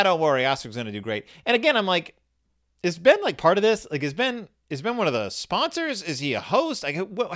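A man recapping a children's story in comedic, sarcastic asides, often slipping into quick put-on voices for the characters. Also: on the high side, bright, forceful tone.

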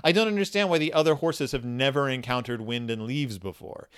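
A man recapping a children's story in comedic, sarcastic asides, often slipping into quick put-on voices for the characters. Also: mid-range voice, fairly bright tone, clean tone.

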